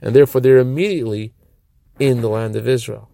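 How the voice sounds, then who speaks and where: A man speaks as a rabbi giving a brief Torah lesson. His voice has a rough, gravelly texture, and the sound is dry with no room echo. He explains in a measured way and slows down to press home key phrases. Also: mid-range voice, warm tone. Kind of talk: short recorded Torah teaching.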